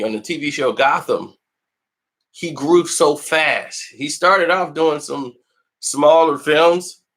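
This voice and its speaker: His voice is a little high and a bit bright as he chats casually on his film review channel. Stories come out animated and full of laughter, with quotes acted out in put-on voices.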